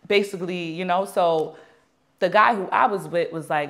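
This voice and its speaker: A young adult woman being interviewed, telling a long story in a lively way and acting out the people in it. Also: lowish voice, moderate pace. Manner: animated, acts out quoted dialogue. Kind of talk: storytelling anecdote.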